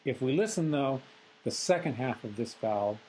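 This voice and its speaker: A man giving a recorded phonetics lecture in a measured, analytical way, pausing often on filler sounds. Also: mid-range voice, lively intonation, darkish tone, poor audio.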